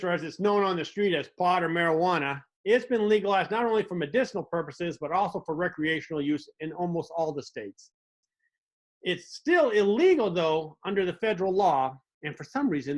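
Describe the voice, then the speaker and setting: A man hosting a comedic monologue, telling wry stories with little mock dialogues. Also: fairly high pitch. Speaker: host.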